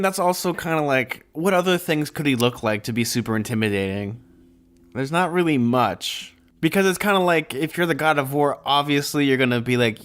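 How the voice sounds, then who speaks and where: A man with a middle-pitched voice co-hosting a casual podcast. He talks in an easygoing, joking way and wanders from point to point. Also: a bit bright, smooth. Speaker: podcast co-host. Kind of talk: casual chat.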